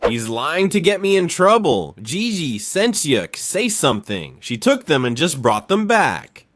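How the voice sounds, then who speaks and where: A man's voice: on the high side, sing-song, measured pace, a bit bright, no room sound. A man voicing a fed-up younger brother who pleads and tells on his sibling. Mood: indignant. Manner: pleading, indignant.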